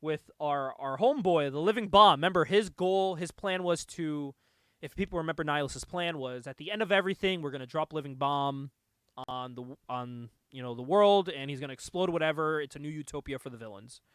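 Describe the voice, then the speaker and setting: A young man hosting a podcast, casually recapping a comic book, animated and laughing often. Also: on the high side, a little fast, clear, resonant tone, dry recording, studio quality. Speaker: podcast host.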